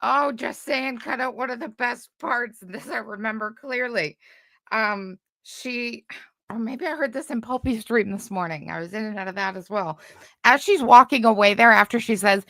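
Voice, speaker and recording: A woman's voice: on the high side, normal speed, fairly bright tone, dry recording. A woman hosting a casual commentary stream, talking in a sarcastic, rambling way with lots of fillers. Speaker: commentary channel host.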